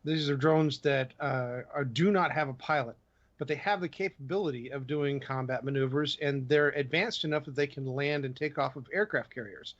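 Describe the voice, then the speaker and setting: A man's voice: mid-range voice, moderate pace, fairly bright tone, lo-fi sound. Man reading news with many ums. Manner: reads news items with many ums and uhs. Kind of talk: casual livestream chat, reading tech news.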